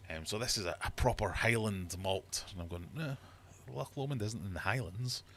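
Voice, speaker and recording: A man with a very low, deep voice chats casually on a livestream. He tells his stories animatedly and keeps breaking into exasperated outbursts. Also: normal speed, fairly bright tone, slight background noise. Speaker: livestream host. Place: home fish room.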